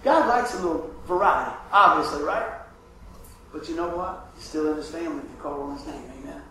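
Guy preaching a sermon, high voice, asks for amens, goes quiet then loud, super echoey room, mic far off. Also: fairly quick, a little hiss or hum. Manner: swings from hushed to loud and drawn out. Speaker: pastor.

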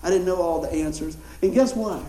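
A male pastor, telling a story in a sermon in an animated, conversational way. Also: high voice, brisk, a little hiss or hum. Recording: roomy hall echo.

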